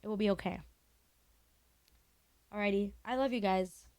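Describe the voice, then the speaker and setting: A woman's voice: mid-range voice, normal speed, a little mellow, no room sound. A young woman streamer in her twenties chatting candidly and emotionally with her viewers, swearing casually.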